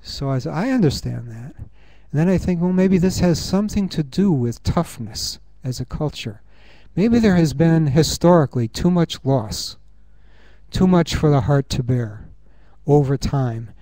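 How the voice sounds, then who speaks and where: A man giving a reflective conference talk, earnest and musing, thinking aloud with pauses. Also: a little high, expressive, warm tone, no room sound. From United States. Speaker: conference speaker. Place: university conference room.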